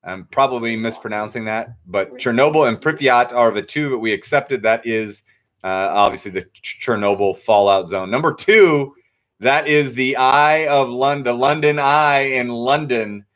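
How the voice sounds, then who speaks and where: A man's voice: medium pitch, moderate pace, a bit bright. Easygoing young man hosting trivia night. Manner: easygoing, reads answers out with asides and self-corrections. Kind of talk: casual live trivia hosting.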